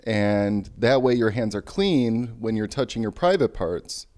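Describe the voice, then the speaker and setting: A young man rants with straight-faced seriousness, as if lecturing on something vital. His voice sits fairly low and sounds dark and mellow, with small hesitations between points. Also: lively intonation, a little slow. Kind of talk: deadpan mock-serious rant.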